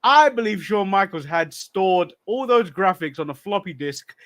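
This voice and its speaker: High-voiced man joking in casual chat. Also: animated, moderate pace, a bit bright. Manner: dry jokes, chuckles between lines. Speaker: podcast co-host. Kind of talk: casual wrestling recap chat.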